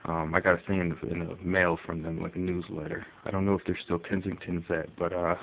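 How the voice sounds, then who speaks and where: A man's voice: low voice, level tone, fairly quick, gravelly, slight background noise. A man from Connecticut rambling casually about his pet in a phone-recorded vlog, with many fillers. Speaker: pet owner. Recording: tinny phone audio with faint ambience.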